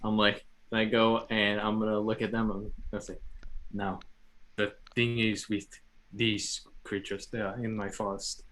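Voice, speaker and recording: A man's voice: fairly low pitch, little pitch movement, unhurried, fairly bright tone. A young man playing a tabletop game, speaking plainly as his character. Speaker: player.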